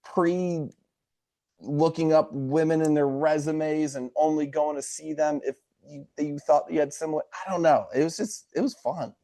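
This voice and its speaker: A man's voice: fairly high pitch, steady tone, normal speed, warm tone, dry recording, clean studio sound. A man in his thirties co-hosting a podcast, telling rambling anecdotes in an easygoing way. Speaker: podcast co-host. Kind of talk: casual chat.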